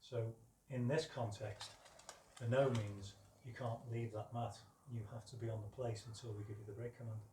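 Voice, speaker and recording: A man teaching dog training outdoors, explaining calmly between high, sharp commands to his dog. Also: moderate pace, a little hiss or hum. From United Kingdom. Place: outdoors with ambient noise. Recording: roomy, distant from the mic, faint ambience.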